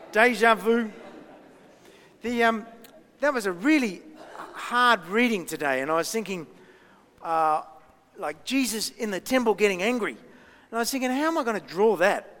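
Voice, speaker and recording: A man, a pastor giving a chatty children's talk and sermon with frequent ums and pauses. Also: high-pitched, sharp tone. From Australia. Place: church. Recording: long reverb in a church hall.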